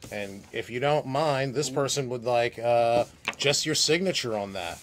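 A man's voice: mid-range voice, a little slow, fairly bright tone, a little hiss or hum. A man hosting a live autograph show, chatty and jokey in casual banter.

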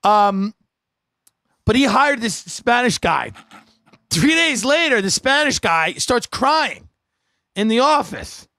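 Guy rambling thru funny stories, kinda high voice, dry no room sound. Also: slow, gravelly, long pauses, dry recording. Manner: rambling, animated anecdote telling. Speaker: podcast host, comedian. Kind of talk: comedic storytelling monologue.

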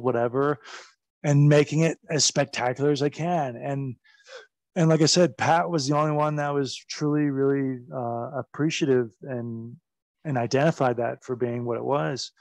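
A man's voice: medium pitch, steady tone, normal speed, darkish tone, no echo. A man in his forties, a former wrestler, telling stories in a casual interview. His speech is rambling and profane, and it is full of fillers.

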